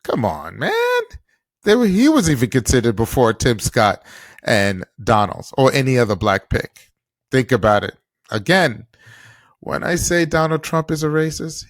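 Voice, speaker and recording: A man's voice: mid-range voice, very animated, unhurried, no echo. A man hosting a political podcast, delivering an impassioned commentary monologue full of rhetorical questions. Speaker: podcast host.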